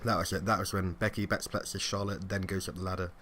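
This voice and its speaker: A young man chatting casually as co-host of a wrestling review podcast, laughing often and mimicking people in quick asides. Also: low voice, flat delivery, fairly bright tone, a little hiss or hum.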